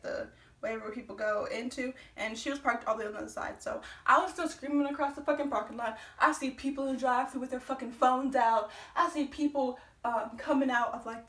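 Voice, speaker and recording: A young woman telling a personal story on her vlog, animated and profane, acting out the quotes. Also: on the high side, echoey room, far from the mic. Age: young adult. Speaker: vlogger.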